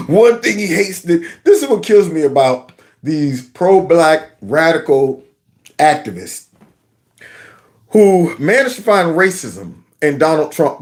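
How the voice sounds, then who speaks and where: A man's voice: on the high side, darkish tone. A man hosting his own commentary channel, mocking a clip with sarcasm and mimicry. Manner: sarcastic, mimics voices, breaks into song.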